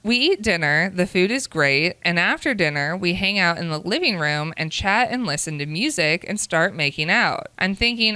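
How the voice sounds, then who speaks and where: A woman's voice: lowish voice, lively intonation, moderate pace, bright, forceful tone, clear, resonant tone, no echo. A woman co-hosting a casual chat show, reading submitted dating stories aloud, acting out the quotes and adding her own comments. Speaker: podcast co-host reading stories.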